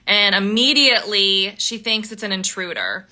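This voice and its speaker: Bright-voiced chatty woman hosting a book club. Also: medium pitch, moderate pace. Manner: chatty and animated, laughs often, lots of ums. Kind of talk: casual book chat on a livestream.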